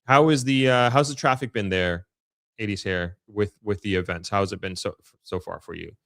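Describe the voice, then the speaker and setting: A man's voice: fairly low pitch, moderate pace, vocal fry, a bit bright, no room sound, clean studio sound. A man with a Long Island accent hosting a casual live stream, reading viewer comments aloud and answering them in an upbeat, chatty way. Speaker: livestream host reading chat.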